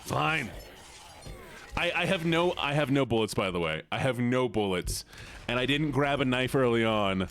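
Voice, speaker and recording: A young man talks over his game in a loose, bouncy way, his pitch jumping all over as he jokes with chat and yelps at jump scares. He laughs a lot between lines. There is a faint hiss of noise behind him. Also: animated, moderate pace, a bit bright. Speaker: streamer. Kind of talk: casual live-stream commentary while gaming.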